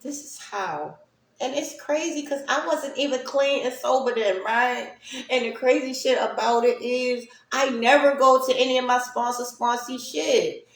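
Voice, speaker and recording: A woman's voice: high-pitched, measured pace. A woman casually telling a personal story to her viewers, chatty and often checking in with "right?". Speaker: speaker sharing personal stories. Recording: roomy echo.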